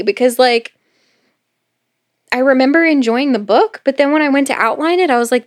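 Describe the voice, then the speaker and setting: A woman's voice: fairly high pitch, steady tone, a little fast. A young woman co-hosting a podcast, recapping a romance novel in casual, filler-filled chat. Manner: chatty, filler-heavy retelling. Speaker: podcast co-host. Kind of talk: casual book review chat.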